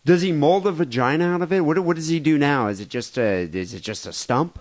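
A man's voice: a little high, fairly quick. A man co-hosting a crude comedy podcast, reading listener stories aloud and laughing often in casual chat. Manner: laughs often, animated storytelling. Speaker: podcast co-host.

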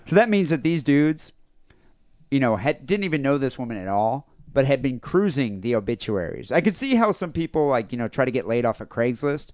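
A man's voice: medium pitch, animated, brisk, a little mellow, no echo, studio quality. A man co-hosting a comedy podcast, retelling a news story in crude, joking casual chat with plenty of fillers. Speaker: podcast co-host.

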